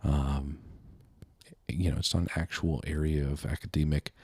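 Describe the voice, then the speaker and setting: Low-voiced rambling podcast man, out of breath. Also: little pitch movement, fast talker, breathy edge, no echo, clean studio sound. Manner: rambling, self-mocking, laughs at own jokes. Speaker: podcast host. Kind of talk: unscripted solo chat.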